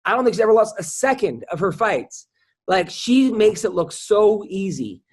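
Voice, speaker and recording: A man with a high-pitched voice hosts a loose, casual podcast chat. He rambles through his stories, stopping and restarting his sentences as he goes. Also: big pitch swings, normal speed, slightly rough. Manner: rambling storyteller with many restarts. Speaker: podcast host.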